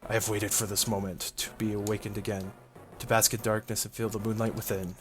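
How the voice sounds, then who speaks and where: A man voicing a cold, menacing male vampire lord in a low, hushed delivery. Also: flat delivery, brisk, faint music behind, natural voice.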